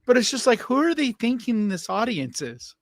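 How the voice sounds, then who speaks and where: A man's voice: very high voice, big pitch swings, normal speed, no room sound. A man co-hosting a podcast with blunt, grumbling remarks in casual chat. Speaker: podcast co-host.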